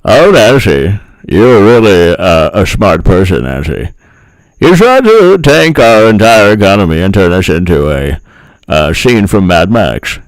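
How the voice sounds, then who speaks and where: A man impersonating a slow-talking, smug older male senator who gloats at an opponent. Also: low voice, sing-song, no room sound, full character voice, low-quality recording. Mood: gloating.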